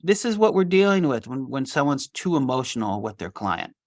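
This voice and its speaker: The middle-aged lawyer, a litigator, speaks at a medium pitch and fairly quick pace as he tells an interview story about his work, animatedly voicing the quoted exchanges. There's no echo, just clean studio sound.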